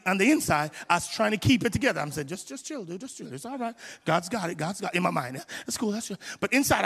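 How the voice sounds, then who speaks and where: High-voiced preacher in a reverberant hall. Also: male voice, vocal fry, breathy edge. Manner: impassioned, conversational preaching with repetitions. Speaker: pastor. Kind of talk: sermon. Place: large church hall. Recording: live sermon in a reverberant hall.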